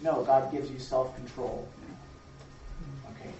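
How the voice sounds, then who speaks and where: A man leading an interactive Bible lesson, asking the group questions and affirming their answers in a lively way. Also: medium pitch, unhurried. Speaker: teacher leading a Bible class. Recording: echoey room, distant mic, dull sound.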